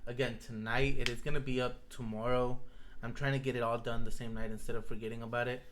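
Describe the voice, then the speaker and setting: A man's voice: mid-range voice, little pitch movement, fast, a bit bright. A man hosting a casual podcast with friends, talking loosely with lots of "like" and easy laughter. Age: adult with kids. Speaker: podcast host. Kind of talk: casual chat among friends.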